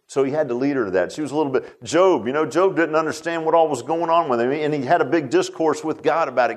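A man preaching a conversational sermon, firing rhetorical questions and swinging between loud and hushed. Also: on the high side, fast talker, few pauses.

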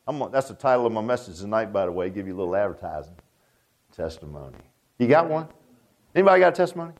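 A man's voice: high-pitched, lively intonation, fast talker. An older man preaching a fervent revival sermon, folksy and repetitive, often tossing out "huh?" to the congregation. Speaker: pastor.

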